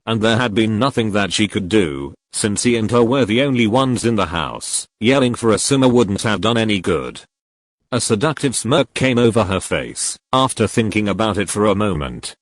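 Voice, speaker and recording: A man's voice: lowish voice, expressive, normal speed, dry recording. A man reading a fan story aloud as narrator. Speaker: fanfiction reader.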